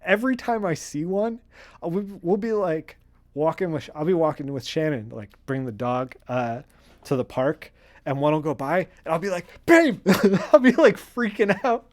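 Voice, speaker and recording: A man streaming as he colors comic art, chatting casually in a rambling, excitable way with many fillers. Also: on the high side, moderate pace. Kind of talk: casual livestream chat.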